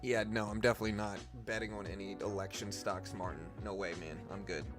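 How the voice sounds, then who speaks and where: A man hosting a live trading stream, talking quickly and casually, thinking aloud with slang like dude and bro, on a desk microphone. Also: fairly low pitch, fairly even intonation, music in the background.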